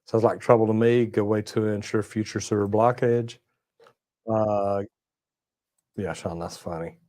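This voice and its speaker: A man's voice: on the low side, darkish tone, no room sound, rough recording. A middle-aged man, hosting a casual livestream and reading chat messages in a folksy, drawling way. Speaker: plumbing channel host reading live chat.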